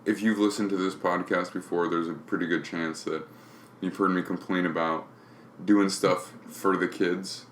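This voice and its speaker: Deep-voiced opinionated man, echoey room. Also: fairly even intonation, moderate pace, a bit bright, slight background noise. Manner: opinionated, critical. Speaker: podcast co-host. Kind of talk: casual chat. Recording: roomy echoey recording.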